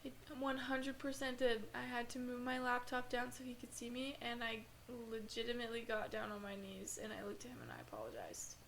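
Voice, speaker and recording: A woman with a slightly high voice tells her story in an earnest, halting way and leans on fillers as she goes. A faint hiss of room noise sits under the recording. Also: vocal fry, fairly bright tone. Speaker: podcast guest. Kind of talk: emotional personal storytelling.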